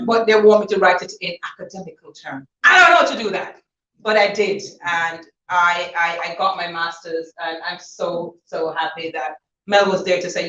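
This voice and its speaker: A woman giving a chatty, laughing thank-you speech to guests at her book launch, telling lively stories. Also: lowish voice, moderate pace. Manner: chatty, laughing, animated storytelling. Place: event hall. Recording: dull, roomy, from far off.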